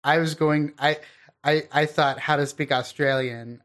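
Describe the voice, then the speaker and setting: A man co-hosting a podcast in casual chat, rambling and laid-back, often trailing off quietly. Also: a little high, fairly even intonation, measured pace. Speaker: podcast co-host.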